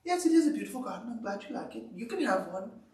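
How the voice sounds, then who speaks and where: Man doing a cheery storybook frog, English accent, high and lively, echoey hall. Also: fast, recorded from a distance. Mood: cheerful. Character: upbeat cheerful optimistic male frog.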